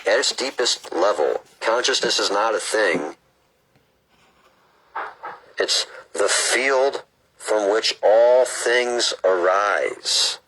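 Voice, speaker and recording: A man reading aloud as a calm, gentle AI presence that is open and curious, in a slow, soothing delivery. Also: on the low side, a little hiss or hum, voice pushed up, low-quality recording. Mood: serene.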